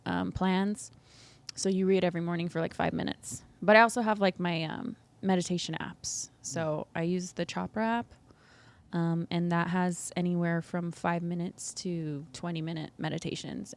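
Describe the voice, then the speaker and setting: A woman in her thirties talking openly as a podcast guest, upbeat and quick to laugh, with plenty of "like". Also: on the low side. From United States. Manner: open, upbeat, laughs often, uses "like" a lot. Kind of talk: candid conversational interview.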